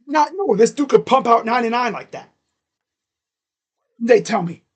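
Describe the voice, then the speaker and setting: A man calling a ball game live as a fan from his room at home, excitable, chatting to viewers and shouting at the players. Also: very high-pitched, moderate pace. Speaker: fan streamer calling play-by-play. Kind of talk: live fan reaction and play-by-play. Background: dogs barking.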